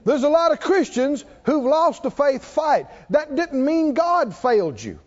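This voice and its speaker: A man's voice: very high voice, very animated, measured pace, a little mellow, in a large hall, muffled recording. A man preaching a sermon, firing questions at his congregation and pressing them with emphatic, chuckling delivery. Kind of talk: sermon with call-and-response.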